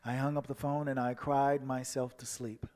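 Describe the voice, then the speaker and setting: A man giving a personal testimony as a guest speaker, telling his story and acting out the dialogue, moving from hushed passages to soaring ones. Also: mid-range voice, level tone, normal speed. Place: church sanctuary. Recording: long hall reverb.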